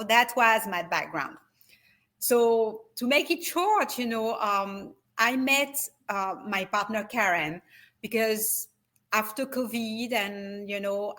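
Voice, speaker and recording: A woman's voice: mid-range voice, sharp tone. A middle-aged woman with a French accent, talking hesitantly with many fillers as a guest in an interview. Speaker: wellness retreat company CEO, guest. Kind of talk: video call interview.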